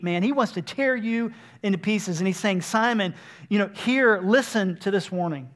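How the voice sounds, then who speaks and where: A man's voice: high-pitched, normal speed. A man preaching a sermon, explaining scripture earnestly and acting out the speakers in his own words.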